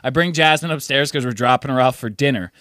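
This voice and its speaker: A man's voice: fast, dry recording, studio quality. A man casually telling a rowdy story on a podcast, swearing a lot and acting out his friends' lines. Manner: animated storyteller, swears freely, acts out friends in high voices. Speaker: podcast co-host.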